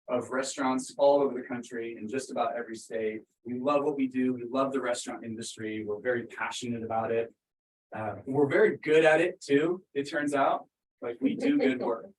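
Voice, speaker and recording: A man's voice: medium pitch, distant mic, slight background noise. A man giving a casual, upbeat talk to a live audience, with lots of fillers. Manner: upbeat and conversational, many fillers. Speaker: speaker at a business workshop. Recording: echoey room, voice from afar.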